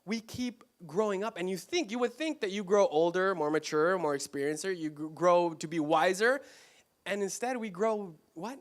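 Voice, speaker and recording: This church speaker, a man from Mexico, has a high-pitched voice and talks at normal speed. He preaches in a casual, conversational style, asking rhetorical questions and correcting himself often.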